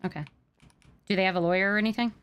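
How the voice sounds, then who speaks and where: A woman's voice: mid-range voice, steady tone, very fast, fairly bright tone, smooth. A woman roleplaying a police sergeant who runs an interview in a casual, joking manner. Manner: casual, joking, laughs easily.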